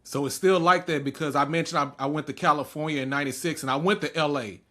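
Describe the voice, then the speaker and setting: A man's voice: fairly high pitch, steady tone, fast, fairly bright tone. A man in his forties hosting a podcast and chatting casually in a laid-back, slangy way. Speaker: podcast host. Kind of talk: casual chat.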